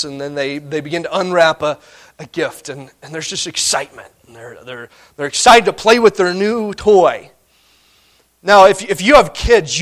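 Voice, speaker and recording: A middle-aged man preaching a sermon as pastor, conversational and animated, laughing often. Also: high-pitched.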